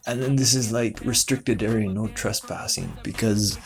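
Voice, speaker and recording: Rambling low-voiced man riffing on conspiracies. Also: creaky. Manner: meandering, filler-heavy, acts out others in quick put-on voices. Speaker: comedy show host. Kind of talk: rambling comedic conspiracy monologue.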